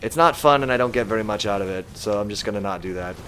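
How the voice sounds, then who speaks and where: A man's voice: lowish voice, quick pace, a bit bright, a little hiss or hum. A man casually musing aloud while streaming a game live and reading chat comments.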